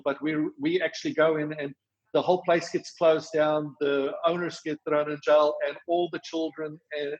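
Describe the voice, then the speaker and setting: A man with a South African accent, explaining his charity's rescue work in a podcast interview, talking fast with many fillers and restarts. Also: fairly high pitch, dull audio. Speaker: charity worker.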